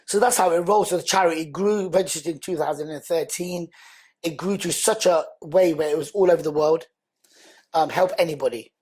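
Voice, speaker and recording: A man, a guest on a podcast, telling his life story in an earnest, animated, conversational way. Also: a little high, brisk, breathy edge. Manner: animated, earnest, acts out quoted speech loudly.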